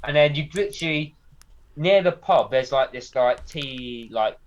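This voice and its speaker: A young man from Yorkshire with a Yorkshire accent, co-hosting a podcast in casual chat and telling jokey, animated stories. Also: mid-range voice, a little slow. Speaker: podcast co-host. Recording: slightly dull lo-fi sound.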